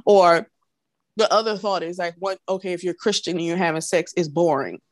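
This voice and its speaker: A woman co-hosting a podcast, speaking in an animated way and acting out the voices she quotes. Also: lowish voice, a little fast, no echo, clean studio sound. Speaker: podcast co-host. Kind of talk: casual podcast conversation.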